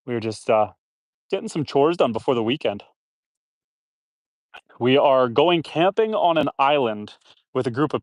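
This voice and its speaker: A man's voice: mid-range voice, no room sound, clean studio sound. A man chatting casually on a live stream while doing outdoor chores on his homestead, rambling to viewers and his animals. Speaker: homestead livestreamer. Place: outdoors on a homestead, watering trees.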